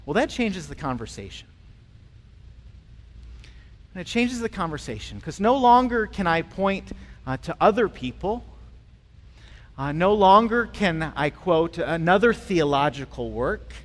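A male pastor preaching a sermon in a conversational way, with frequent pauses and restarts. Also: high-pitched, big pitch swings. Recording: long reverb in a large hall.

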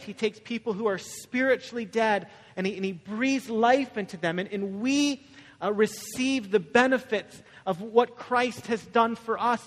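A young man preaching a conversational sermon as a pastor, often asking "right?" and telling stories. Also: very high voice. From Michigan, USA. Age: young adult. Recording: echoey hall with long reverb.

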